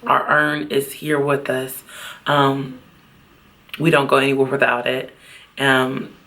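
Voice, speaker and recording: A woman talking in a personal vlog outdoors at a beach, halting and heartfelt, at times close to tears. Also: rumbling low, flat delivery, fairly bright tone. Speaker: vlogger.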